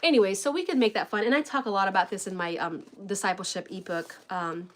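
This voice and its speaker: A woman's voice: medium pitch, fast talker. Chatty woman coaching moms, lots of "like". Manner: chatty, filler-heavy, says "y'all" and "like" often. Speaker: parenting coach. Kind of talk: casual chat to camera. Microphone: live stream webcam.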